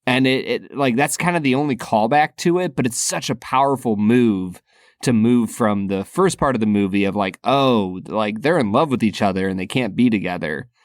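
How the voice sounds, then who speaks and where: A man co-hosts a relaxed film podcast, earnest and thoughtful, with a laugh never far away. His pitch sits in the middle range. The sound is dry and close, with no room around it. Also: normal speed, no room sound. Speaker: podcast co-host. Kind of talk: casual film discussion.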